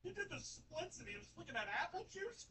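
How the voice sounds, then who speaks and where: A man's voice: very high voice, brisk, pitched above the performer's own voice. A man putting on the voice of a sassy, blunt young woman commenter, talking with heavy emphasis. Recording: distant mic with steady background noise.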